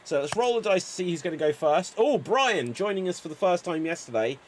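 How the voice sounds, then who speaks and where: Male improv host, lively intonation, upbeat, encouraging, slightly raised voice. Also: high-pitched, a little fast. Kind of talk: hosting an improv game.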